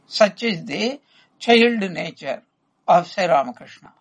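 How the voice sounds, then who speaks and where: A man giving a devotional discourse, retelling stories with quoted dialogue and often clearing his throat. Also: high voice, expressive, normal speed, fairly bright tone, rough recording. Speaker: spiritual teacher.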